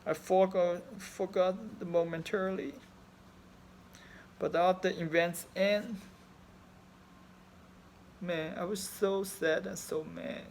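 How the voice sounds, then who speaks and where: Speaking slowly with long pauses, this man's voice sits high and barely moves in pitch, and there's a slight hiss or hum on the recording. He's a Chinese fan in his thirties speaking English non-natively with a Chinese accent, rambling emotionally about his grief in a personal vlog, full of swearing and broken phrasing.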